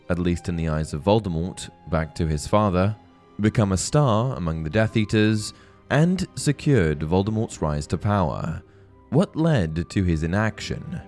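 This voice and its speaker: A man hosting a fan theory video, giving measured, scripted narration. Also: low-pitched, a little mellow. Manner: measured, explanatory. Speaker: host of a fan theory channel. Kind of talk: scripted narration and book reading.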